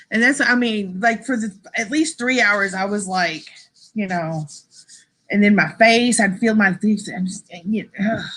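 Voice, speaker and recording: A woman's voice: mid-range voice, bright, forceful tone. A woman hosting a casual live stream, chatting and rambling to her viewers, laughing often and saying y'all.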